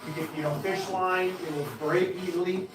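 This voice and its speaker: A man hosting a casual live stream of knife-throwing trick shots, chatting to viewers and bursting into excited exclamations. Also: high voice, fairly quick. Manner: excitable, breaks into loud exclamations. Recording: echoey room, voice far from the mic, music behind.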